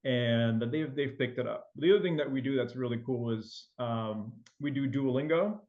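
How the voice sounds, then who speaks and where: A man's voice: mid-range voice, normal speed, phone-quality sound. A man raised in France with a faint French accent, a loan officer chatting casually as a guest in an interview, full of fillers and restarts.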